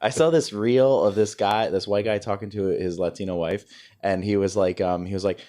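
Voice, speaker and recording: A man's voice: lowish voice, fairly even intonation, normal speed, warm tone. A man hosting a comedy podcast, chatting casually and laughing often. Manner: laughs often, loose joking delivery. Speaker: podcast host. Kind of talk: casual chat.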